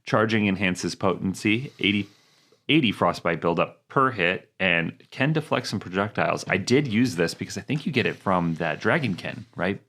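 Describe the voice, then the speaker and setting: Male podcast co-host with a very low voice; reads game text with fillers, relaxed banter. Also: moderate pace. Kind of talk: casual chat, reading game descriptions.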